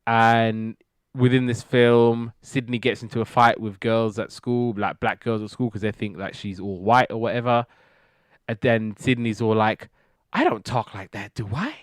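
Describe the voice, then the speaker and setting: A man's voice: medium pitch, little pitch movement, normal speed, smooth, dry recording, studio quality. A man hosting a podcast, retelling TV episodes in a rambling casual way and acting out the characters' lines. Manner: rambling retelling, acts out quotes. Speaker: podcast host reviewing TV shows. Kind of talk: casual recap chat.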